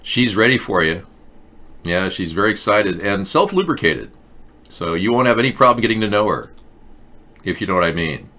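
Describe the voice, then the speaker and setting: A man's voice: on the low side, big pitch swings, moderate pace, pauses often, pushed and bright. A man hosting a live political chat show, talking in a sarcastic, mocking way. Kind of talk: casual satirical chat with live chat.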